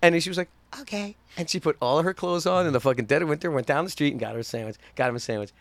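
A man's voice: fairly high pitch, racing, no room sound. A man in casual crude banter, swearing freely, laughing and acting out voices in his stories.

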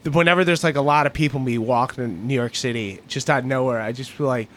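A man guest on a comedy talk show, rambling through anecdotes with giggles and loud acted-out bits. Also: mid-range voice, fast talker. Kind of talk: casual comedic chat.

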